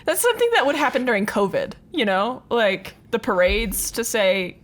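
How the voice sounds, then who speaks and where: A woman's voice: fairly high pitch, very animated, normal speed. A woman co-hosting a podcast, reacting playfully and laughing a lot. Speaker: podcast co-host. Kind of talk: casual chat.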